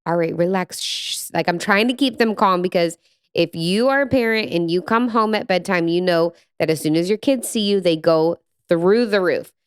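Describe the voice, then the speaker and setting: Smooth-voiced woman telling a story on a podcast. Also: fairly low pitch, normal speed, no room sound, studio quality. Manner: expressive storyteller, laughs easily. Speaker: podcast co-host. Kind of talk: casual chat.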